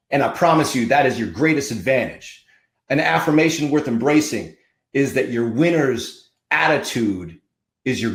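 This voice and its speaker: A man's voice: mid-range voice, echoey room. A man hosting a podcast as a marketing coach, giving a fiery, preachy motivational talk full of punchy repeated slogans.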